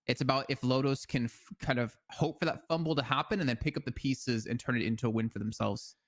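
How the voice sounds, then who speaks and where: A man co-casts an esports match in a loose, chatty way, hedging often as he weighs each pick. His voice sits in an ordinary middle pitch. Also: fast talker. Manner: casual, hedging with fillers like "I mean". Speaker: esports co-caster. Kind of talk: esports analysis commentary.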